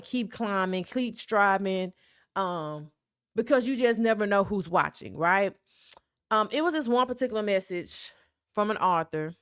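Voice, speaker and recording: A woman's voice: mid-range voice, fairly bright tone, no echo, clean studio sound. A young woman from South Memphis with a Southern accent, talking candidly and emphatically on her solo podcast. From South Memphis, USA. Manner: candid, emphatic, keeps asking "right?". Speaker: podcast host.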